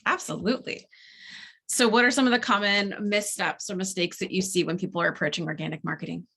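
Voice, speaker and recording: A woman hosts an interview podcast, mostly offering short affirming replies and now and then putting a question. Her voice is mid-pitched and a little husky. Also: fairly even intonation, fast, sharp tone. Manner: brief supportive interjections. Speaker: podcast host.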